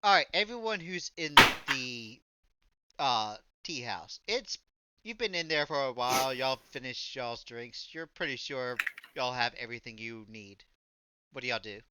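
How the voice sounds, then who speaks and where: A man's voice: mid-range voice, animated, unhurried, pushed and bright, clean tone. A man running a tabletop role-play game as game master, laid-back and saying "y'all".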